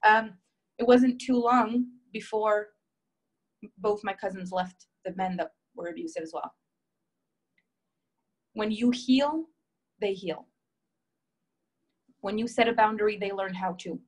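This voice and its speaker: A woman's voice: mid-range voice, takes it slowly, pauses often, low-quality recording. A woman coach speaks in a live session, telling a personal story and answering viewer comments. Her emphatic, heartfelt delivery leans on repetition and conversational fillers. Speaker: relationship coach.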